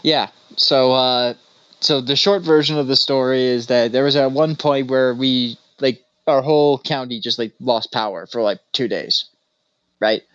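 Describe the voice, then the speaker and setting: A man's voice: mid-range voice, steady tone, unhurried, fairly bright tone, clean tone, dry recording. A man co-hosting a podcast in casual chat, a loose, rambling storyteller who laughs often. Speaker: podcast co-host. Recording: dry, slightly dull recording.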